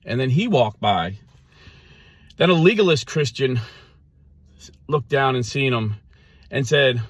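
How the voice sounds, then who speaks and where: A man preaching by telling a parable, lively in the story and slowing down softly toward the end. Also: medium pitch, no echo. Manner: lively storyteller, quick character voices, slows and softens for the ending. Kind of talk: storytelling sermon.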